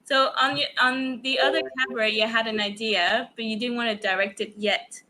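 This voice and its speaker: Woman host, high and bright, friendly and encouraging interviewer. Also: fairly even intonation, normal speed. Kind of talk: casual livestream Q&A.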